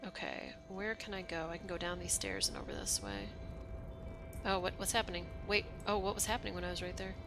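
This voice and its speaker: A woman's voice: on the low side, animated, brisk. A woman streaming a video game, reading its narration aloud and reacting with casual asides. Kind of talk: reading game text aloud while playing. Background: game music.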